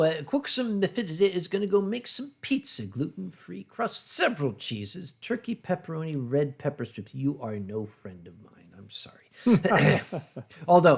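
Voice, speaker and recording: A man hosting a casual drinking livestream, talking in a blunt, brash and animated way. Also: on the high side, gravelly. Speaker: livestream host. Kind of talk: casual drinking-stream chat.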